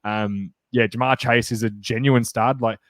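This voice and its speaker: A man co-hosting a sports podcast, chatting casually and getting excited, rambling with many fillers and restarts. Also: mid-range voice, normal speed, no echo. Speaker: podcast co-host.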